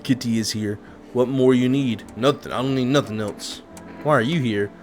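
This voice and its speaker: A man's voice: mid-range voice, normal speed, darkish tone, faint music behind, natural voice. A man voicing a strange, cat-obsessed visitor in a game who talks in clipped, broken, dismissive phrases. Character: odd cat-loving visitor, blunt and indifferent, broken speech.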